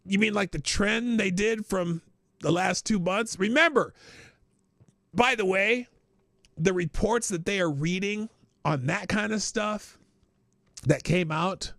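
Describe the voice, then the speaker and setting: Man, show host, sarcastic animated rant, high gravelly voice, dry close sound. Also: dry recording. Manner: sarcastic, laughing, animated rants with restarts. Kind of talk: casual political commentary show.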